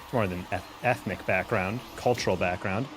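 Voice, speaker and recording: Low-voiced man commenting on his gameplay. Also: normal speed, background noise. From United States. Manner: relaxed, reacts aloud to plays, chats with viewers. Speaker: streamer and game analyst. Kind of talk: casual chat while playing a game.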